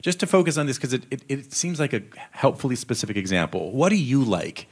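A male interviewer asking measured, probing questions in an onstage conversation. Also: medium pitch, sing-song, breathy edge.

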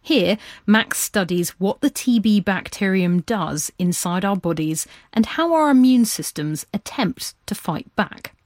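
A woman's voice: medium pitch, expressive, measured pace, hardly any pauses, dry recording. Dry-voiced female podcast narrator. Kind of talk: scripted narration.

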